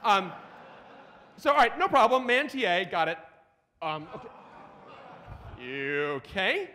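Excitable high-voiced man giving a tech talk. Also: a little hiss or hum. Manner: excitable, profane, rapid asides. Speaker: conference speaker. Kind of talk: live lightning talk with terminal demo. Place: conference hall. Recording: reverberant conference hall.

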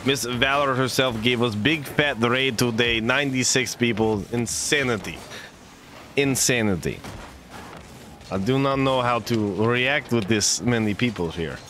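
A man's voice: medium pitch, a little slow, fairly bright tone, a little hiss or hum, close to an everyday voice. A man voicing a cheerful male game commentator with a put-on Russian accent, dropping articles in playful broken English.

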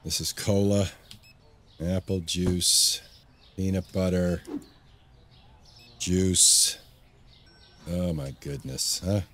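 A man with a slightly low voice talks through his gameplay in a casual let's-play. He thinks aloud, mutters to himself and repeats words when the pace picks up. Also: steady tone, very slow, pauses often, a bit bright, a little hiss or hum. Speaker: gaming channel host.

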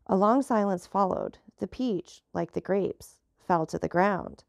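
A woman narrating a classic novel as an audiobook reader, in a steady storytelling manner. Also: medium pitch, unhurried, vocal fry, dry recording, lo-fi sound.

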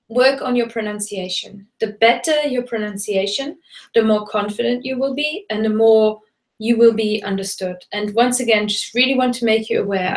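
A German teacher hosts a live webinar, chatting informally and flipping between German and English while using fillers and restarting sentences. Her voice is on the high side, and the recording has roomy echo.

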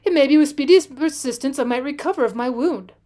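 A woman reads the part of a dying old frontier hunter, calm and firm, his old-fashioned pleading delivered solemnly. The voice sits high and light for the figure, read for a storybook. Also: fast, close to an everyday voice. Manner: solemn, pleading, archaic speech.

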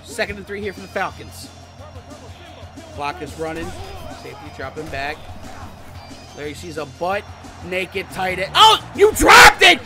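A young man commentating his own football video game, calling plays in casual slang and breaking into shouts and yelps at the big moments. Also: on the high side, unhurried, pauses often. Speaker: gaming YouTuber. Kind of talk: excitable play-by-play gaming commentary. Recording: music playing behind.

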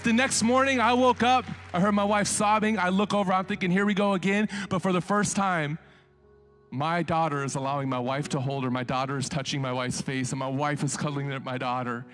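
A male pastor preaching a sermon in a colloquial, conversational way, swinging between hushed storytelling and loud, impassioned exhortation. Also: a little high, fairly even intonation, fairly quick, soft background music.

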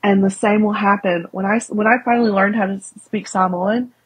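A woman's voice: medium pitch, fairly quick, breathy edge, low-quality recording. A young woman with a Southern US accent, a guest speaking candidly and animatedly in a casual interview. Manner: candid, animated, many fillers.

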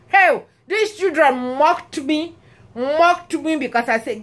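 A woman from Nigeria with a Nigerian accent, talking casually to her viewers in an animated, exclamatory way, often breaking into laughter. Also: high voice, slow. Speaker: vlogger. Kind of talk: casual talk to camera.

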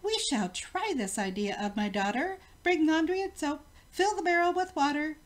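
An older woman voicing a flustered, excitable fairy-tale queen in a read-aloud picture book, with a shrill, exclaiming manner. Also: normal speed. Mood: instructive.

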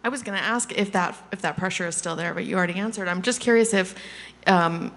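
Female interviewer, hesitant and soft-spoken, fry in the voice, long reverb. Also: lowish voice, quick pace. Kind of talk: interview questions.

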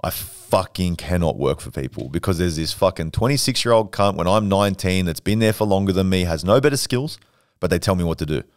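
A man's voice: low-pitched, expressive, a little fast, no room sound, clean studio sound. A young man in his twenties, a fitness coach telling brash, profane stories in casual podcast chat. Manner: brash, profane, boastful storytelling. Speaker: podcast guest.

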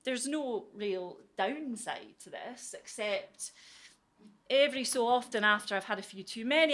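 Performance poet: a woman from the northeast with a soft southern English accent, slightly high voice, rhythmic verse with dramatic pauses. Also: animated. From northeast England. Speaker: poet and teacher. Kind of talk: spoken word poetry performance.

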